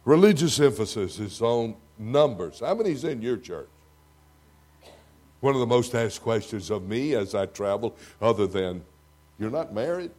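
A dramatic older preacher with a Texan accent, delivering a sermon to a church congregation. His dark, mellow voice swings between booming emphasis and quiet asides. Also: expressive, moderate pace. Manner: dramatic, swinging from loud to hushed.

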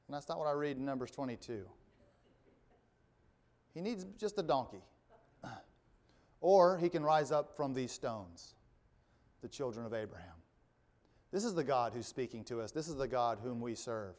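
A man's voice: mid-range voice, expressive, moderate pace, long pauses, a little mellow. A male pastor preaching a sermon, reading scripture aloud and explaining it, with wry asides.

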